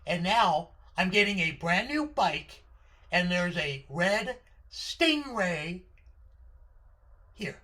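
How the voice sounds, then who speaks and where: A man in his fifties telling a personal childhood story in an excitable, animated way, stumbling over repeated words. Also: sits high, takes it slowly, long pauses. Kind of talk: personal story told to an audience.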